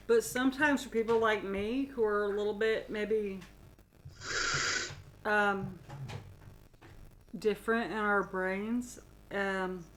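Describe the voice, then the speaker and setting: A woman's voice: mid-range voice, a little hiss or hum, poor audio. Chatty profane woman co-host. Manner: chatty, profane, slips into a drawl. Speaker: podcast co-host. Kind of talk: casual chat.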